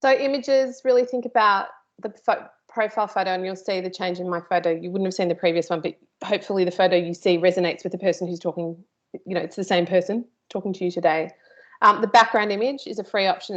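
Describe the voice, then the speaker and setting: A woman's voice: on the low side, dull audio. A woman teaching a live workshop, chatty and informal, with playful asides to her host. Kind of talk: live online workshop presentation.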